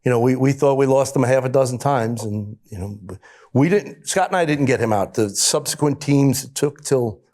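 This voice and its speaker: A man's voice: medium pitch, a little mellow. A middle-aged man, a rescue police officer, earnestly recounting a rescue on a panel and often restarting his sentences. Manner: earnest, halting, with many restarts.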